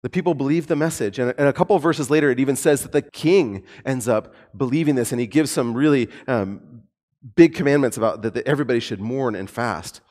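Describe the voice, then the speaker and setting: A man preaching a sermon in a conversational, animated way with light humor. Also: mid-range voice, fairly quick. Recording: long hall reverb.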